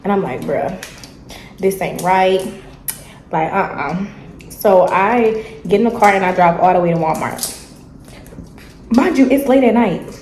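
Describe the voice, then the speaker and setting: A young woman, telling a story in a casual, animated vlog chat and acting out the dialogue. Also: medium pitch, moderate pace, pauses often, reverberant, slight background noise, low-quality recording. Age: young adult. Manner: animated, chatty, acts out dialogue. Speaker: vlogger. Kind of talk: casual storytelling while eating.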